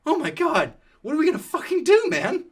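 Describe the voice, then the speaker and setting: A man voicing a panicky, jittery young man on a road trip, talking high and frantic. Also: huge pitch swings, fast, sharp tone, heavily acted. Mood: panicked.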